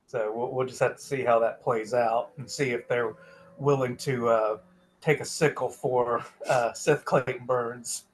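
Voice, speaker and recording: A man co-hosting a casual wrestling chat, with a voice at an ordinary middle pitch. He speaks in a measured way, hesitating now and then as he thinks it through. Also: steady tone, slight background noise, poor audio. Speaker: co-host.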